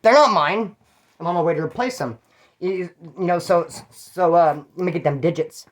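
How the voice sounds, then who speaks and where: A man's voice: sits high, normal speed. A man hosting his own channel, telling prison stories in a rambling, profane, streetwise way. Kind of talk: casual first-person storytelling.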